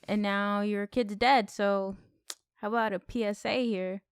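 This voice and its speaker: A woman co-hosting a podcast, talking through a film in animated casual chat and swearing freely. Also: medium pitch, measured pace, smooth, dry recording. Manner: animated, swears freely, repeats questions for effect. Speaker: podcast co-host. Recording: dry close recording.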